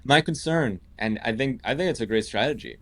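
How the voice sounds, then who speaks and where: A man's voice: mid-range voice, fairly quick. A man co-hosting a political podcast, talking casually and energetically, with some swearing. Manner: energetic, agreeing, profane. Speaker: podcast co-host.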